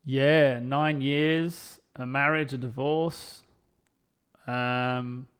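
A young English man chatting casually and telling stories, animated and swearing freely, acting out the people he quotes. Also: medium pitch, drawn-out words, clean tone. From England. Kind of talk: casual chat, storytelling.

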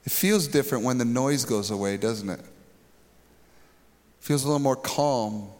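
A man's voice: mid-range voice, animated, normal speed, darkish tone. A man preaching a sermon as a pastor, retelling a scripture story dramatically and rising to emphatic peaks. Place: church sanctuary stage. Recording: long reverb of a large hall.

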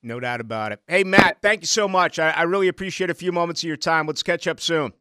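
A man's voice: a little high, quick pace, pushed and bright, clear, resonant tone, dry recording, clean studio sound. A male sports radio host interviewing a guest in an upbeat, conversational way.

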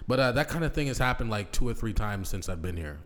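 Male podcast co-host, lowish voice, relaxed rambling chat. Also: fast. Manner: laid-back, rambling with fillers. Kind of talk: casual chat.

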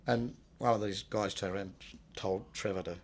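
A man telling a personal story in a rambling, halting way, often dropping low and quiet. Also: level tone, slight background noise. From Australia. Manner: rambling, many restarts, low and subdued when recalling loss. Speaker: guest telling his life story. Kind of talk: casual spoken storytelling.

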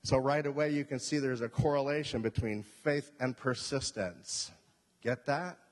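A man's voice: mid-range voice, fairly even intonation, moderate pace. A male pastor preaching a sermon, emphatic, repeating key points and asking the congregation questions. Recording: long reverb of a hall.

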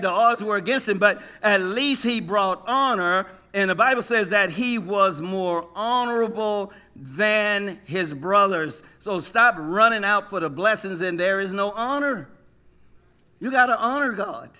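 A male preacher with a high, bright, ringing voice delivers a lively sermon. He throws questions at the congregation and waits for their answers. He breaks into joking impressions of the people he describes. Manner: call-and-response, asks the congregation questions; lively, jokes, mimics people.

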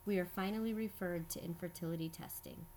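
A woman telling a personal story in scripted narration, measured and reflective. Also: fairly low pitch, steady tone, a little hiss or hum. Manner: measured, reflective, quietly earnest.

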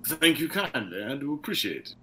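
A man's voice: mid-range voice, big pitch swings, fairly quick, pushed and bright, a little hiss or hum. A man playing a tabletop game, talking in character in a playful, polite way. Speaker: player.

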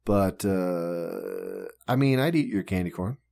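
Easygoing low-voiced man chatting. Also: lively intonation, slow, mellow. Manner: easygoing and joking, short agreeing replies. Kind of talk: casual chat.

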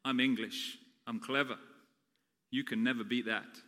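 A smug Englishman bragging in a low voice, as a preacher acts him out. The tone is bright and cutting, and it carries a long hall echo. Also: fairly even intonation, unhurried. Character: smug boastful Englishman in a joke.

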